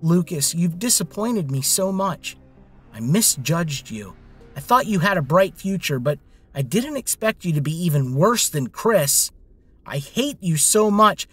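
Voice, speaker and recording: A man's voice: fairly high pitch, very animated, measured pace, breathy edge, soft background music, pitched above the performer's own voice, heavily acted. A man voicing a furious businesswoman. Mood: hurt. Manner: angry, raised, strained. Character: furious young businesswoman, scolding.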